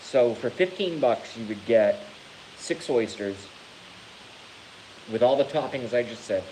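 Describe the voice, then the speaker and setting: A man vlogging to his channel in a casual rant, animated and theatrical, swearing freely. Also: mid-range voice, measured pace, slight background noise, poor audio. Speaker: YouTube vlogger.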